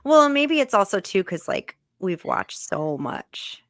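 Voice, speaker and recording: A young woman chatting casually on a reaction channel, skeptical and quick to laugh, with lots of filler words. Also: mid-range voice, sing-song, dry recording, clean studio sound.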